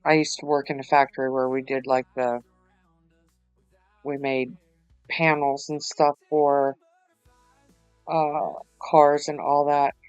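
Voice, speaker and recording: Worn out lady rambling thru a craft vlog, slow easygoing talk, smooth voice, dry sound. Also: rumbling low, flat delivery, a little mellow, no room sound, muffled recording, faint music behind. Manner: rambling, chatty, many fillers and restarts. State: tired, yawning. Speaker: craft vlogger. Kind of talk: casual voice-over while crafting.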